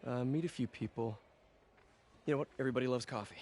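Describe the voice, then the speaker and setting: A man's voice: mid-range voice, fast, slight background noise, lightly acted. An actor playing a friendly, reassuring young man. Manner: warm, reassuring, joking. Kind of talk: video game cutscene acting.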